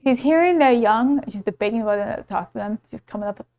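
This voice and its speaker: Player: a high-voiced woman, chatty, laughs often. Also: quick pace, a little mellow. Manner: chatty, laughs between lines. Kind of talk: tabletop role-play chat.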